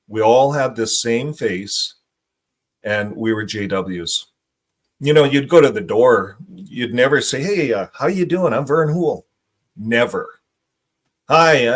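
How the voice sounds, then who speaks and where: A middle-aged man talking bluntly in a casual monologue, often repeating himself for emphasis. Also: on the low side. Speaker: host.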